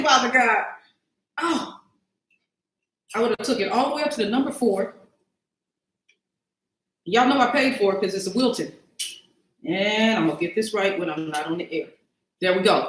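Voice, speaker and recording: A woman chats her way through a casual cooking livestream from her home kitchen. She talks straight to her viewers as y'all and thinks aloud while she works. Her voice sits in a middle pitch, and the kitchen gives it a roomy echo. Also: fairly bright tone.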